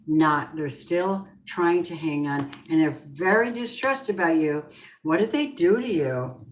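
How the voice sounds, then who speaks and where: A low-voiced woman reads tarot cards and muses aloud. She asks the cards and spirit questions as she goes. The sound is roomy with a faint hiss. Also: animated, a little slow. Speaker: tarot reader. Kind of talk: tarot card reading. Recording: roomy echo.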